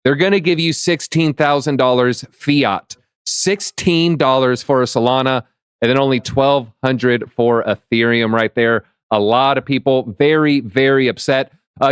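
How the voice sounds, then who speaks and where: A man hosting a live crypto talk show, upbeat and reading out chat shout-outs. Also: medium pitch, moderate pace, clean tone, no echo, clean studio sound. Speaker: show host.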